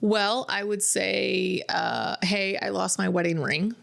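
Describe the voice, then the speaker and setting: Her medium-pitched voice is expressive, slow, creaky, and a bit bright as she co-hosts a podcast. In easygoing chat she recounts stories, voicing the things her clients told her.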